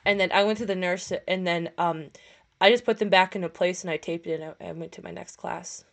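Over push-to-talk voice chat, this upstate New York podcast co-host, a young woman, laughs through rambling stories full of profanity. She talks a little fast in a lowish, steady voice with vocal fry.

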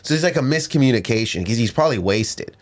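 A comedian casually telling a story on a podcast, rambling with many fillers and acting out the people in it. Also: male voice, medium pitch, lively intonation, fast. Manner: rambling, lots of "like", acts out voices in stories. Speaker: comedian guest. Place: podcast studio.

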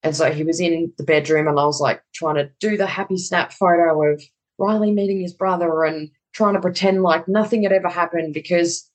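A woman's voice: fairly low pitch, brisk, low-quality recording. A woman in her thirties with an Australian accent, a guest in an interview, candidly recounting a hard personal story and acting out what she thought and said along the way. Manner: animated retelling with quoted inner dialogue.

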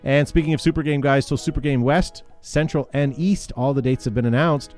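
A chatty male podcast host runs through announcements with plenty of ums and easy laughter. His voice sits at an ordinary middle pitch. Faint music plays behind him. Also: a little fast, a little mellow. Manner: chatty, laughs often, many fillers. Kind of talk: casual show announcements.

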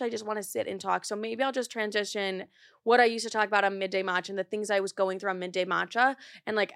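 A young woman in her twenties talks straight to her listeners as a podcast host, candid and chatty, dropping casual swears. Her voice sits at an ordinary middle pitch. The studio sound is close and dry, with no room echo. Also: fairly bright tone. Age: 20s. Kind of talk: casual chat.

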